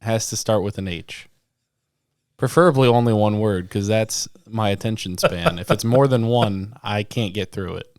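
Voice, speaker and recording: A man's voice: fairly low pitch, normal speed, darkish tone, no room sound, studio quality. A man co-hosting a podcast, joking about himself in goofy, casual banter. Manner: goofy, self-mocking. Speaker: podcast co-host. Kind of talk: casual chat.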